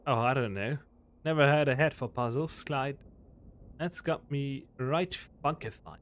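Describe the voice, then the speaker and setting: A man's voice: mid-range voice, measured pace, lightly acted. A man voicing an easygoing cowboy sidekick full of folksy western slang.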